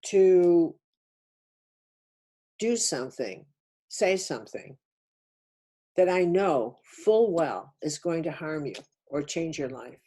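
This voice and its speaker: Older woman, spiritual lecturer, insistent and repetitive, low husky voice. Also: animated, takes it slowly, pauses often, mellow. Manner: emphatic, insistent, repeats key words. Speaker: speaker on a webinar. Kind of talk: spiritual teaching talk.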